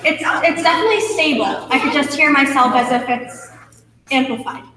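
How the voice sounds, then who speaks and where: A young woman chatting casually during a rehearsal mic check, talkative and quick to laugh. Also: high voice, a crowd in the background. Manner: chatty, laughs easily, restarts sentences. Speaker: actor in a stage rehearsal. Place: large echoey hall. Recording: echoey room, distant mic, faint hum.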